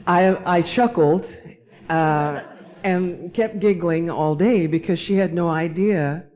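Woman panelist from Alabama, wry storyteller, measured and dry. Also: lowish voice, darkish tone. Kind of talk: personal storytelling in a panel discussion.

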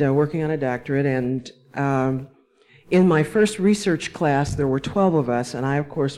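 A woman from Alabama, a panelist, telling personal stories in a panel discussion in a wry, measured way. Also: deep voice, dark tone.

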